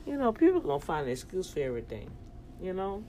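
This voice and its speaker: A woman's voice: fairly low pitch, huge pitch swings, fast talker, mellow, slight background noise. A woman with a New Orleans accent talking to her viewers in a casual, preachy monologue, full of emphatic rhetorical questions. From New Orleans, US South. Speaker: vlogger addressing her online family.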